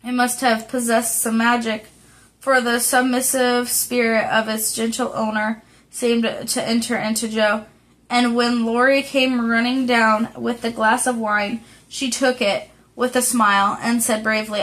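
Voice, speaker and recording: Slow, careful woman audiobook reader. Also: fairly high pitch, level tone, a bit bright, rough recording. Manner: careful, slow reading with small slips. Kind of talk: reading a classic novel aloud.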